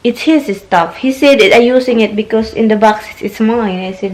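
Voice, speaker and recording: Filipina woman, home vlog host, excitable, with faint hiss behind. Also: medium pitch, moderate pace. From Philippines. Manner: chatty, excitable, laughs often. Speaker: vlogger. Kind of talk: casual home vlog chat.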